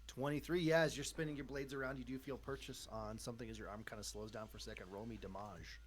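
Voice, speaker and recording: Speaking quickly at a medium pitch with a steady tone, a man serves as dungeon master for a livestreamed tabletop game. He's upbeat and encouraging with his players and calls them "dude."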